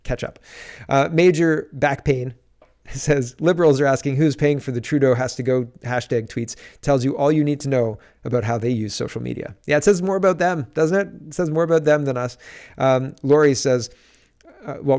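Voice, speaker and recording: This man's voice sits in the mid range with a darkish tone, and he talks at normal speed. Reading viewer comments on his political livestream, he gets indignant and rambles, frequently starting sentences over.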